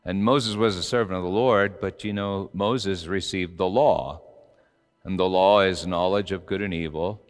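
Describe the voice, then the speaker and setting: Man, very low resonant voice, conversational sermon, long hall reverb, faint music behind. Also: fairly even intonation, normal speed. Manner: conversational, explaining. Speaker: pastor. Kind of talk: sermon before communion.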